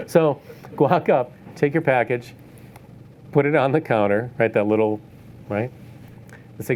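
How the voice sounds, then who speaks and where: A man's voice: medium pitch, normal speed, pauses often, darkish tone, a little hiss or hum. A man giving a casual lecture on the art business to photographers, tossing in "right?" and laughing now and then. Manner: conversational, tag questions like "right?", laughs often. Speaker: art dealer giving a talk. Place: event space.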